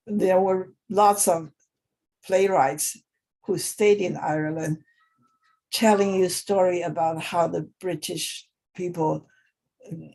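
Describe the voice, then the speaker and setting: A woman teaching an informal English lesson, talking in a halting way with many pauses and restarts. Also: low voice, gravelly, mellow, breathy edge.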